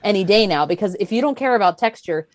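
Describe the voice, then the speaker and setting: A woman's voice: mid-range voice, expressive, quick pace, dry recording. A woman guest on a podcast, chatting enthusiastically about food and cooking. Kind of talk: casual chat. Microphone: video call.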